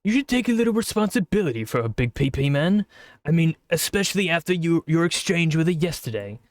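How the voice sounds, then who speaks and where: A friendly teenage club president with a put-on British accent, voiced by a man. Her sweet, chipper lines sit a little higher and brighter, recorded close and dry with no room sound. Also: sing-song, a little fast, no echo. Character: friendly teen girl club president, unsettling.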